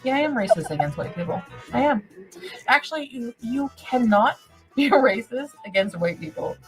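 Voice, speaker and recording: A woman's voice: on the high side, animated, moderate pace, soft background music, poor audio. A drunk woman from Canada ranting and swearing on a livestream, slurring her words.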